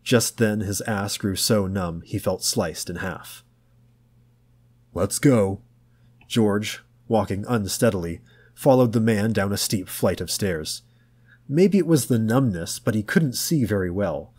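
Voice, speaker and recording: Male audiobook reader, slow and measured, husky, lowish voice. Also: expressive, darkish tone. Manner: slow, measured and low-key. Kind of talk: audiobook narration.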